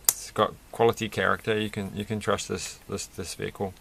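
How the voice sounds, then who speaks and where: Casting: man, lowish gravelly voice, rambling self-mocking toy vlogger, faint noise behind. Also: flat delivery, brisk, a bit bright. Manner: rambling, self-mocking, laughs at his own jokes. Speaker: toy reviewer building a set. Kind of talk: casual off-the-cuff commentary.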